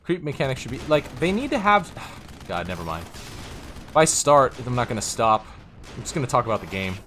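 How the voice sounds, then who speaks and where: A man's voice: medium pitch, sing-song, moderate pace, fairly bright tone, slight background noise. A man casually commentating a strategy game on a live stream, rambling, interrupting himself and chuckling often, with game gunfire behind him.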